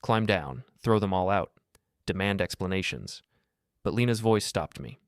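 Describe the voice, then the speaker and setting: A middle-aged man narrating a first-person story in a steady, grave, measured way. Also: deep voice, no room sound, clean studio sound.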